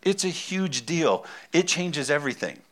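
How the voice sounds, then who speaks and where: A man's voice: on the high side, expressive, a little slow. A man preaching a sermon as pastor, talking in a conversational, emphatic way and repeating his key phrases.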